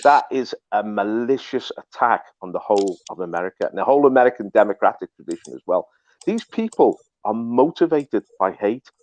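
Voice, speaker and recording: A man's voice: lowish voice, lively intonation, a little fast, darkish tone. A man hosting political commentary, talking emphatically and repeating himself. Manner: emphatic, repetitive, restarts often. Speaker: host. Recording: dull dry lo-fi recording.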